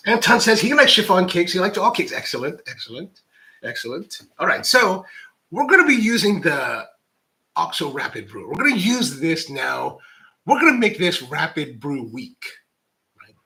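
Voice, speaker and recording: A man's voice: high voice, sing-song, moderate pace, gravelly, sharp tone, poor audio. A man from the United States, a coffee professional hosting his own channel, chatting casually to camera in a rambling, candid, self-deprecating way full of "like" and restarts.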